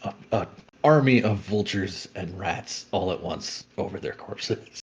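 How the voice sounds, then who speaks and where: A man playing in a tabletop game, relaxed and halting with fillers. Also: sits low, husky. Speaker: player. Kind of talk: casual tabletop play.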